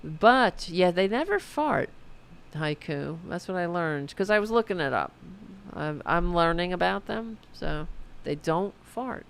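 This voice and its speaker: A middle-aged woman with a lowish, creaky, clear and resonant voice hosts a podcast, chatting casually with her live audience in a late-night livestream. She speaks at a measured pace but sounds animated, rambling, poking fun at herself and swearing freely.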